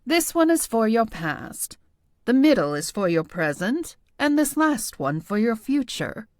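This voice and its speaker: A woman voicing a poised, patient middle-aged tarot reader who speaks in a calm, knowing, lightly teasing way for an audiobook. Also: a little high, a little slow, dry recording, studio quality. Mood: instructive. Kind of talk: audiobook character voice.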